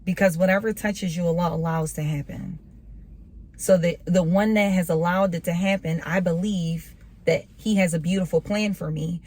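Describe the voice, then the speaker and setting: A woman's voice: on the low side, darkish tone. A woman vlogger giving a casual, earnest motivational talk on faith, repeating phrases for emphasis in a preacher-like way.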